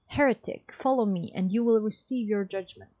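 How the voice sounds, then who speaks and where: A woman voicing a zealous young guard who shouts accusations in a stiff, self-righteous manner, reading game dialogue aloud. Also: mid-range voice, normal speed, dull audio, close to an everyday voice. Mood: zealous, shouting.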